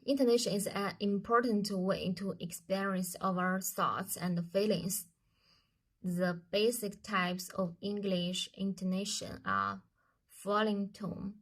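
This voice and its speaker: A woman with a Chinese accent answers review questions about her course. She speaks unhurriedly and deliberately, at an ordinary middle pitch, and stops often to restart a word or phrase. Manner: slow and careful, with hesitations and restarts. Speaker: student.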